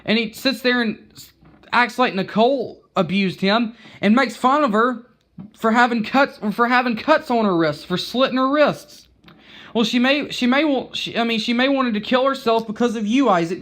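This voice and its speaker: High-voiced man in a profane, heated rant. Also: moderate pace, fairly bright tone. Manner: heated, profane, repeats and restarts words. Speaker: vlogger. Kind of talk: angry rant to camera.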